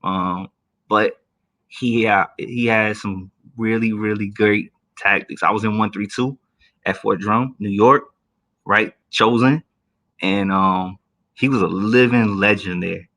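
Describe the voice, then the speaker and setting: A man hosting a casual livestream, joking and slangy, doing high voices when he quotes people. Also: fairly even intonation, slow pace, a bit bright. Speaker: livestream host, Army career counselor.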